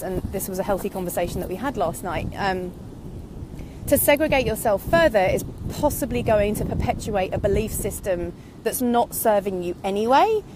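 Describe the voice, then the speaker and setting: A medium-pitched woman in her thirties, an online business vlogger, talks casually and reflectively while walking outdoors. She's a little out of breath, and her candid monologue rambles off onto tangents. Background noise can be heard.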